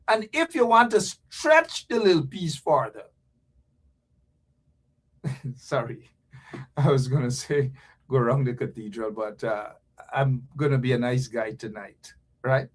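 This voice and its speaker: Fiery ranting Guyanese man. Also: sits high. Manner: fiery, ranting, repetitive, mixing creole slang and laughs. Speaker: political talk show host. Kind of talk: livestream political commentary.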